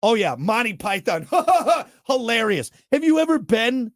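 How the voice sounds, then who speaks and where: A man's voice: extremely high pitch, sing-song, unhurried, no echo, studio quality. A man hosting a talk show, delivering a blunt, worked-up monologue with jokey asides. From United States. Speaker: show host.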